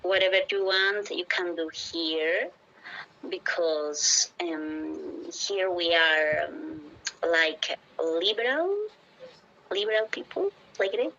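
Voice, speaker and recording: A woman's voice: fairly low pitch, takes it slowly, pushed and bright, highs cut off. Hesitant Peruvian woman in her twenties. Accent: Peruvian Spanish. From Peru. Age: 20s. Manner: hesitant, searching for words, asks for repeats. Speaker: teacher. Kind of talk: casual English practice conversation.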